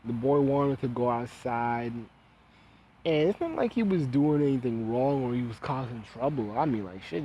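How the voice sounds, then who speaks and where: A man's voice: medium pitch, mellow, slight background noise, poor audio. A man giving a casual opinion monologue as a vlogger, with blunt, profane, heated ranting.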